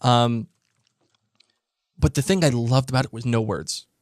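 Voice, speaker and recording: With a medium-pitched, slightly mellow voice and a measured pace, this podcast co-host enthusiastically recaps a TV episode in casual chat. He teases and frequently restarts sentences; the studio-quality sound has no echo.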